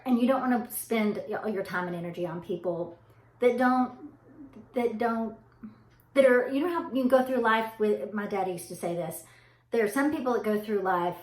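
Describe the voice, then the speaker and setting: A middle-aged woman with a Southern US accent, chatting casually to her viewers in a rambling, friendly way. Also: a little high. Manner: chatty, rambling, says y'all. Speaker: vlogger. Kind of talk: casual chat to camera. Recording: echoey room.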